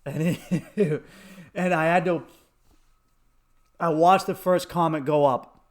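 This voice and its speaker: A comedian hosting his own podcast, telling a story in a fairly high voice. He swears freely and laughs through his lines. He acts out little bits of dialogue as he goes. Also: measured pace, long pauses. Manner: profane, laughing, animated retelling with acted quotes.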